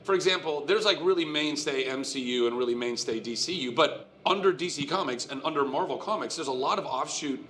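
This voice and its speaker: Animated American man, bright voice. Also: a little high, brisk, few pauses. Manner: animated storyteller, laughs often, restarts sentences. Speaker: guest actor. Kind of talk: casual stage interview. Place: live convention stage.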